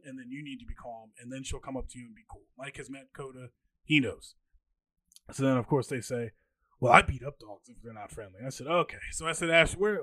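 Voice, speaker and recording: A man in his twenties hosting a podcast, telling stories in a casual, animated way and acting out what other people said. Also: dry recording. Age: 20s. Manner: animated, acts out quoted people with jumps in pitch. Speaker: podcast host. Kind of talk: casual storytelling monologue.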